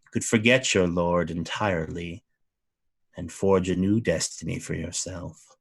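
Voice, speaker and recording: A man voicing a cold, imperious fey lord who speaks slowly in formal, archaic phrasing. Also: low voice, steady tone, creaky, husky, voice pushed down, exaggerated voice. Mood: coldly formal.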